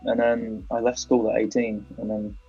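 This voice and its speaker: A young man with a London accent talks in a relaxed, rambling way, his voice full of fry and rough and breathy. He is a guest on a live-streamed podcast. The audio sounds muffled and lo-fi. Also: medium pitch, moderate pace, soft background music. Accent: London English. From London, England. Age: 20s. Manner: laid-back, chatty, says "like" often. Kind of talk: casual live-stream chat.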